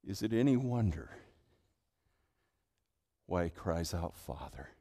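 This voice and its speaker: A middle-aged male pastor preaching a sermon, telling stories in an animated way and repeating words as he goes. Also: sits low, slow pace. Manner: animated storytelling, repeats words while speaking. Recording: long hall reverb.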